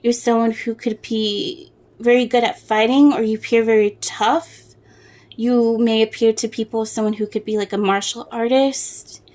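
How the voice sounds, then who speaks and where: A woman giving a casual tarot reading to the viewer, soft-spoken and rambling as she searches for words through fillers and restarts. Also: a little high, level tone, moderate pace. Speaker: tarot reader.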